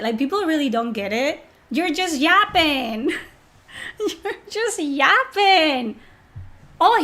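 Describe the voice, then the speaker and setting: A woman's voice: a little high, a bit bright. A woman streamer talking on a live stream, mocking and sarcastic as she answers chat, swearing often, while sick.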